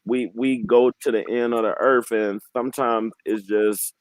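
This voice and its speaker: A man in his twenties speaking as a guest on a candid panel. He talks in an earnest, heartfelt way, often halting and restarting his sentences. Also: mid-range voice, steady tone, no echo, low-quality recording. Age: 20s. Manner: heartfelt, emotionally open.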